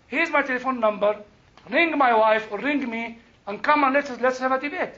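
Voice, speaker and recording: A man's voice: extremely high pitch, normal speed, lo-fi sound. An older man teaching a Bible class, telling a story with laughter and emphatic outbursts. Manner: animated, laughing, rising to emphatic bursts.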